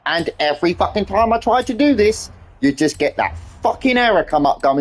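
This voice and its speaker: A man's voice: high voice, animated, fairly quick, few pauses. A man ranting and swearing nonstop as he streams a game. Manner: exasperated ranting, heavy swearing. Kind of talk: livestream gaming commentary.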